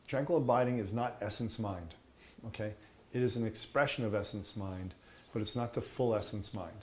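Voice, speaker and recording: A man's voice: fairly low pitch, normal speed, darkish tone, a little hiss or hum. A man teaching meditation in an emphatic, playful way, mixing in humor and mockery. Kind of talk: spoken teaching.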